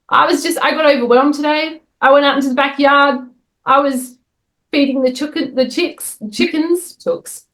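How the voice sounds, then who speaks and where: Middle-aged woman, healer guest, candid and warm-humoured, video call. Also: sits high, low-quality recording. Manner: candid, open, laughs easily. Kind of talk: casual video-call chat.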